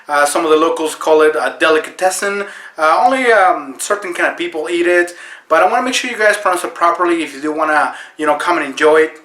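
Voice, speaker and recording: Bright-voiced man, mock-serious tutorial. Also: high-pitched, echoey room. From Mexico. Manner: earnest, filler-heavy, mock-serious. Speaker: comedy video host.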